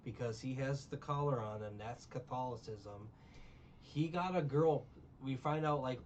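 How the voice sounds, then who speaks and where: A man's voice: mid-range voice, unhurried, far from the mic, muffled recording, slight background noise. A man recapping a film in casual chat, rambling and sarcastic, with many restarts. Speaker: podcast co-host recapping a film.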